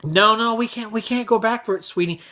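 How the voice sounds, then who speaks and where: A man voicing a patient young mother gently soothing her child in a store. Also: sits high, brisk, pitched above the performer's own voice. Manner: soft, soothing.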